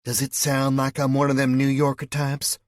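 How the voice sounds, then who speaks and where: A man's voice: mid-range voice, sing-song, moderate pace, slightly rough, no echo, studio quality, voice pushed up. A man voicing a flirtatious, sarcastic woman from West Virginia with a Southern drawl, teasing and fond of pet names. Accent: American Southern.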